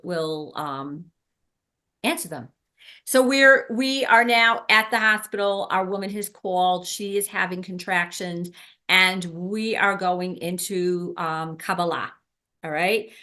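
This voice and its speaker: A doula trainer leads a workshop for birth helpers, teaching casually with lots of ums and restarts. Her voice is mid-range with a sharp tone.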